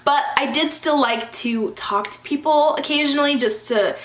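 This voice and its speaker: A woman's voice: sits high, moderate pace, fairly bright tone. A young adult woman telling storytime vlog stories in a chatty, exasperated way, with lots of "like" fillers. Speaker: vlogger. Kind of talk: storytime vlog, casual chat. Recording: echoey room.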